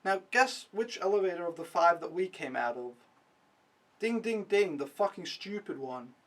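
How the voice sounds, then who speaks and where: A man's voice: sits high, recorded from a distance. A young man vlogging a casual, rambling recap, mocking himself and swearing freely.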